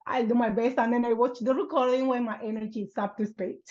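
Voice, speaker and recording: Tired woman participant, slow delivery, muffled call audio. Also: fairly high pitch, steady tone, darkish tone. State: exhausted. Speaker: session participant.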